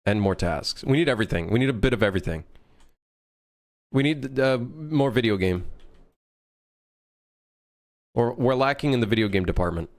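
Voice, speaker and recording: A man developing a game on a live stream, chatting casually, joking and swearing as he thinks out loud. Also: mid-range voice, lively intonation, moderate pace, long pauses. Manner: rambling, jokey, swears freely, thinks out loud.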